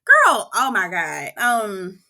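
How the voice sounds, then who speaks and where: Sassy, bright-voiced woman vlog host. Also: mid-range voice, slow pace. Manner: sassy and animated, keeps calling the viewer "girl"; talks straight to the viewers, asking what they think. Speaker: host of a reality TV review channel. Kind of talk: casual reality TV recap vlog.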